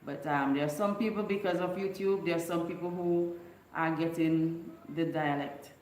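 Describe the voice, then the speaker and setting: A woman's voice: fairly low pitch, fairly even intonation, normal speed, darkish tone, echoey room, slight background noise, rough recording. Caribbean woman with a mixed island accent. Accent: Vincentian with Trinidadian and Grenadian traces. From Bequia, St Vincent and the Grenadines. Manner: laughs often, teaches local dialect phrases. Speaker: livestream host. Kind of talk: casual live chat with viewers.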